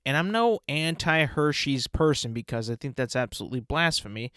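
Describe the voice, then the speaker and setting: Male podcast host, mid-pitched, rambling, playful, dry close sound. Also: lively intonation, fairly quick, sharp tone, clear, resonant tone, no room sound. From United States. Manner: rambling, playful, savoring food talk. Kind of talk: casual solo podcast monologue.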